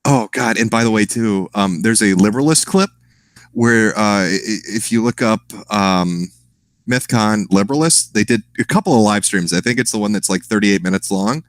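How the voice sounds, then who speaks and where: Casting: man, low-pitched, loose profane rambling, laughs a lot, dry close sound. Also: moderate pace, no echo. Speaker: podcast guest. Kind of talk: casual profane chat.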